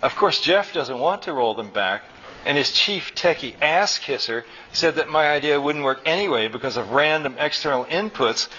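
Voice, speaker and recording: A man reading aloud and voicing a stubborn, agitated middle-aged male engineer who explains things in a rapid, insistent rush. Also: a little high, expressive, bright, forceful tone. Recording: dull recording with faint room noise.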